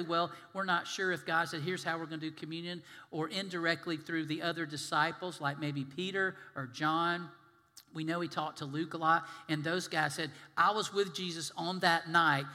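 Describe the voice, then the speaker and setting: Folksy pastor in a reverberant hall. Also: male voice, a little high, bright, forceful tone. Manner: folksy and conversational, acting out quoted voices. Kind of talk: sermon. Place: church sanctuary. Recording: long reverb of a large hall.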